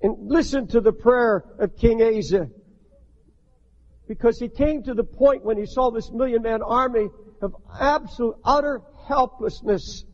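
An older man preaching a sermon as a pastor, impassioned, rising to shouts, with many restarts. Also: very high-pitched, unhurried. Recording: dull archival recording in a long-echo hall.

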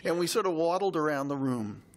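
A man co-hosting a podcast, telling a heartfelt personal story in a reflective, halting way. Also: a little high, animated. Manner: reflective, halting, emotional retelling.

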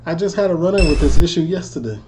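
A man's voice: on the high side, expressive, quick pace, very noisy. A man from Chicago giving joking, slangy commentary as he reacts to video clips. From Chicago, USA. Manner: slangy, joking, laughs often.

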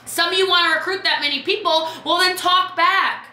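A woman coaching her team on a live video, chatty and lively, calling out viewers by name. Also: very high-pitched, brisk, echoey room, poor audio. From Texas. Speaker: business coach.

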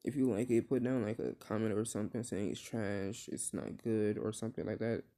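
A man's voice: fairly low pitch, fairly even intonation, a little fast, mellow. A man casually retelling his own fan story, rambling with many fillers and restarts, and swearing when he slips.

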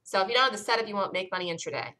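Bright-voiced woman coaching day traders. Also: mid-range voice, lively intonation, racing, low-quality recording. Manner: emphatic and repetitive, asks listeners questions. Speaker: trading room leader. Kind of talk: live stock chart review.

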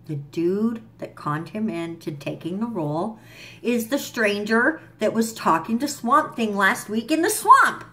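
A woman's voice: medium pitch, expressive, measured pace, pushed and bright. A young woman vlogging a casual, profane recap of a TV episode, with fillers and asides. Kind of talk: casual chat.

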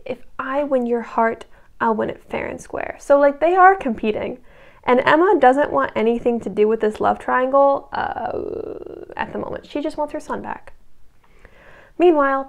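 Young woman, recap host, casual and sarcastic, somewhat high voice, gravelly fry. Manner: chatty and sarcastic, joking asides to the viewer.

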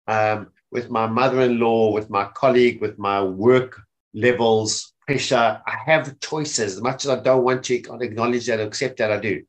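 Man, webinar presenter, mid-range pitch, informal teaching tone, checks in often. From South Africa. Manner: repeats "okay?" often to check in with listeners. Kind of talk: informal talk on mental health. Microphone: webinar microphone.

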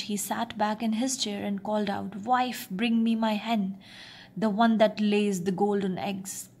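A woman reading a children's fairy tale aloud in a soft, expressive, often half-whispered way. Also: mid-range voice. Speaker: storyteller. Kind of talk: storybook narration.

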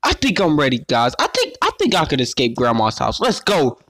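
A man giving playful let's play commentary, excitable and talking straight to his viewers as he plays. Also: mid-range voice, a little fast, no echo, clean studio sound. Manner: excitable, calls himself "your boy", keeps addressing viewers as guys. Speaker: gaming YouTuber.

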